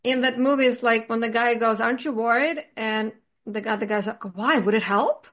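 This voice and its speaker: A woman in casual conversation, talking in a rambling, animated way full of "like" fillers. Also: a little high, a little fast. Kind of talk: casual chat. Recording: slightly dull lo-fi sound.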